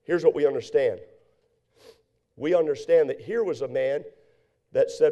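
Man, preacher, sermon storytelling, repetitive cadence, high pitch, mellow tone. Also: normal speed, long pauses, lo-fi sound. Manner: repetitive preaching cadence, acts out quoted voices.

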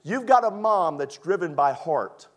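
A pastor from Maryland preaches a sermon a little slowly, his fairly high voice expressive and relaxed, conversational and joke-filled. When he presses a point, his delivery swells with emphasis.

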